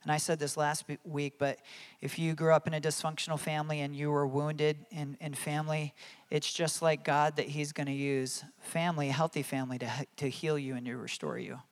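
A male pastor in his thirties delivering a sermon in an earnest, conversational way. His voice sits a little higher than most men's. He often laughs as he tells his stories. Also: flat delivery, fairly quick, few pauses, smooth.

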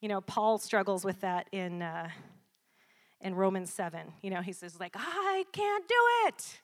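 A woman preaching a sermon, checking in often with "Amen?" and building to loud, emphatic peaks. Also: lowish voice, steady tone, moderate pace.

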